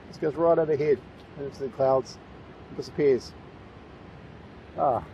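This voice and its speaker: A man with a New Zealand accent talks straight to camera outdoors, chatty and enthusiastic, wandering off into fillers and restarts. His voice is mellow and relaxed, with a faint hiss of outdoor noise and a vehicle now and then in the background. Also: mid-range voice, normal speed, dull audio. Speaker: paranormal vlogger. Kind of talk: casual outdoor vlog. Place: outdoors by a railway tunnel in the bush.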